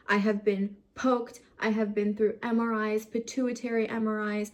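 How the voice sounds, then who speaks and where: A woman's voice: medium pitch, level tone, normal speed, hardly any pauses, a little mellow. Frustrated young woman close to tears. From United States. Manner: emotional, frustrated, swears, fights back tears. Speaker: vlogger. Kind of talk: personal story to camera.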